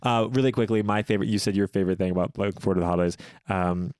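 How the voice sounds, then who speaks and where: A young man co-hosting a home podcast with his partner, telling a story casually and jumping into high voices when he quotes people. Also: steady tone, rapid-fire, a little mellow, clear, resonant tone, no echo, clean studio sound. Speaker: podcast co-host, expecting father. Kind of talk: casual chat.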